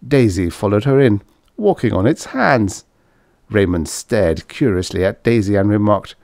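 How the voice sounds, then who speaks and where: A male audiobook narrator reading fiction with a lively, animated delivery. His voice sits on the low side, and the recording is dry and close. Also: moderate pace, no room sound. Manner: expressive, lively storytelling. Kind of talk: scripted narration.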